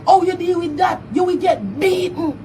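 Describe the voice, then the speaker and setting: A Jamaican man in a shouty patois diss rant, laughing loudly between threats. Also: very high-pitched, expressive, moderate pace, recorded from a distance, noisy background. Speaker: social media personality. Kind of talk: angry diss rant to camera.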